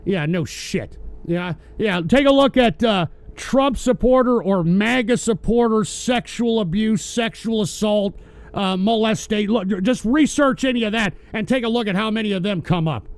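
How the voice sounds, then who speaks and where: Man, high voice, dry close mic: foul-mouthed, sarcastic political host ranting at his chat. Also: moderate pace, no echo. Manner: angry, swearing, sarcastic. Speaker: host of a political call-in show. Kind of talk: profane political rant.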